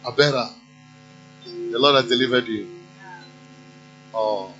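A man's voice: mid-range voice, takes it slowly, fairly bright tone, muffled recording, faint music behind. A male pastor, preaching and calling for offerings in church, exhorting the congregation and chanting amounts over and over. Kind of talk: sermon and offering appeal.

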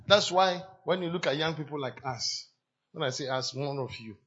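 A man's voice: on the high side, moderate pace, a bit bright, husky, highs cut off. A man preaching a sermon as a pastor, speaking emphatically and repeating his exhortations to the congregation.

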